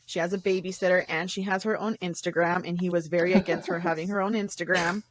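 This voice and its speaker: A woman's voice: lowish voice, fairly even intonation, fast, noisy background. A woman co-hosting a casual podcast, chatty, laughing often as she retells scenes from shows. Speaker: podcast co-host reviewing TV shows.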